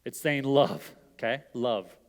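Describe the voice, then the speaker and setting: A man's voice: mid-range voice, slow pace. A middle-aged man giving an interactive sermon, talking casually and asking the audience questions. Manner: conversational, asks the audience questions. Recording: long hall reverb.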